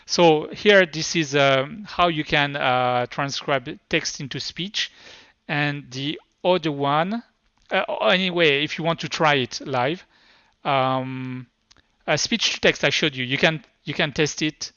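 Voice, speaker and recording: A man with a French accent speaks at a conference and runs a live tech demo, stopping and restarting his sentences often. His voice sits a bit high, sounds bright and smooth, and the recording is dry and dull. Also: dry recording. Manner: halting, many restarts and fillers.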